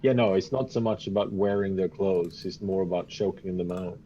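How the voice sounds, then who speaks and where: A man's voice: deep voice, normal speed, mellow, lo-fi sound, slight background noise. A man playing a tabletop game, joking and laughing a lot. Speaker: player. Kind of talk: casual game banter.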